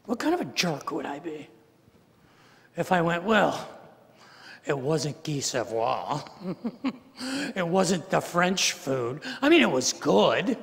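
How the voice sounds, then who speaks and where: A man's voice: a little high, very animated, slow pace, gravelly, pauses often, a bit bright. An older man preaching a sermon, telling a personal story in a conversational, self-deprecating way with frequent restarts. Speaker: pastor. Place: large church sanctuary. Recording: reverberant church hall.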